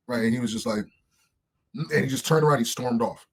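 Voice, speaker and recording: Man, husky voice, candid storytelling, animated, swears a lot, mid pitch. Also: quick pace. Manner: animated, swears freely, acts out other people's voices. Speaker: interview guest.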